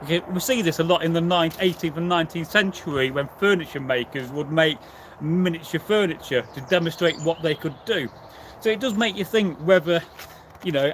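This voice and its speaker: In this casual live chat, a male history channel host rambles through viewer questions, restarting often and leaning on fillers. His voice is a little high, and there's slight background noise.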